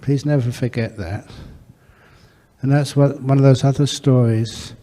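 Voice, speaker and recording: A man's voice: mid-range voice, steady tone, unhurried. A man, a Buddhist monk, telling stories in a dharma talk and acting out the dialogue. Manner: warm anecdotal storytelling with acted dialogue. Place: monastery hall. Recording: long hall reverb.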